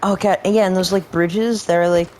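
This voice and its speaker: A man's voice: high voice, fairly even intonation, normal speed, darkish tone. Rambling man on gameplay commentary. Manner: rambling, filler-heavy, swears when annoyed. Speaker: gaming video creator. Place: at home.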